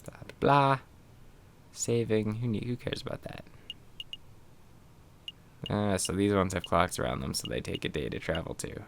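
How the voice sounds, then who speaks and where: A man's voice: lowish voice, very animated, moderate pace, creaky, pauses often, a little hiss or hum. A man giving casual, offhand gameplay commentary as a let's play streamer. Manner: offhand, joking.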